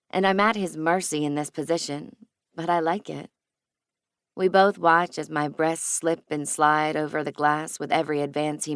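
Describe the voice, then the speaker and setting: Low, smooth-voiced woman audiobook narrator. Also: no room sound, clean studio sound. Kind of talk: scripted first-person romance narration.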